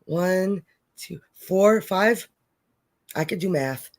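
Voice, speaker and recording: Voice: medium pitch, extremely slow. A livestream host chatting casually and reading out viewer comments.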